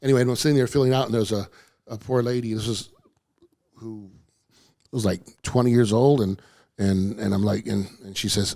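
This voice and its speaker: Fast-talking man, rambling comedian stories. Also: on the low side, steady tone, creaky, warm tone, no echo, studio quality. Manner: rambling, self-interrupting, acts out quoted voices. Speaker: stand-up comedian guest. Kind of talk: casual storytelling chat. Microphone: studio headphones and mic.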